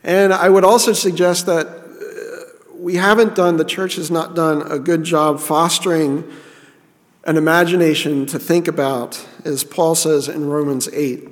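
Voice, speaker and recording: A man's voice: on the high side, steady tone, measured pace, big-room sound. A man preaching a sermon in an earnest, repeating way, often restarting his sentences. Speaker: pastor.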